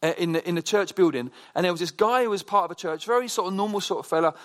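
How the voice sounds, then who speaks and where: A man delivers a relaxed sermon, his voice sitting a touch higher than most men's. He tells stories in a chatty, animated way, often restarting his sentences as he goes. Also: very fast. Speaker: preacher. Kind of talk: conversational sermon with personal stories.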